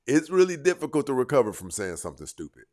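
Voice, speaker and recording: A man's voice: mid-range voice, big pitch swings, fairly quick, darkish tone. A man giving dating advice straight to his viewers in a blunt, emphatic, lecturing manner. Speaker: dating coach. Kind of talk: direct-to-camera advice monologue.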